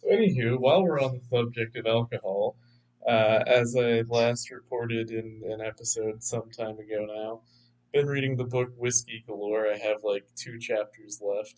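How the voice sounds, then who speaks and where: A man's voice: mid-range voice, steady tone, normal speed, darkish tone, low-quality recording. A man co-hosting a film podcast, chatting casually, rambling and laughing as he talks. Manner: rambling, laughs often, acts out quotes. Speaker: podcast co-host. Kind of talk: casual chat.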